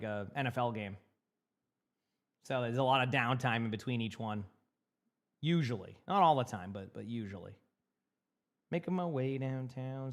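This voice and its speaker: Rambling streamer with a light Boston accent. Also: male voice, mid-range voice, a bit bright. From Massachusetts. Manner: rambling, repeats words, reads chat aloud. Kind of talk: casual live-stream chat.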